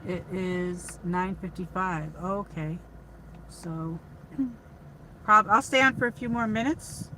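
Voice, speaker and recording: A woman's voice: lowish voice, slow, pauses often, bright, forceful tone, a little hiss or hum, low-quality recording. Chatty woman livestreaming from her car. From upstate New York. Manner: rambling, chatty, many fillers and restarts. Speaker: livestream host. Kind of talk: casual livestream chat.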